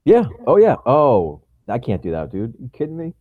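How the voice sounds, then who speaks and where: A man's voice: mid-range voice, huge pitch swings, moderate pace, dry recording, phone-quality sound. A man co-hosting a podcast in casual chat, talking with opinion and laughing often. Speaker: podcast co-host.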